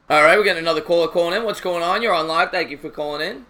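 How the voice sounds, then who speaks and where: A man's voice: fairly high pitch, very fast, hardly any pauses, music in the background. A man hosting a live sports stream, joking with callers and reading the chat. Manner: energetic, joking, talks to chat. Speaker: host.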